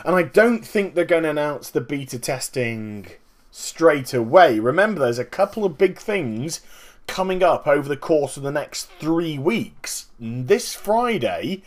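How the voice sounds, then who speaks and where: Animated man with a lively voice. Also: on the high side, measured pace. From Northern Hemisphere. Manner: animated, emphatic, explaining step by step. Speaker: gaming video host. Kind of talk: casual commentary vlog.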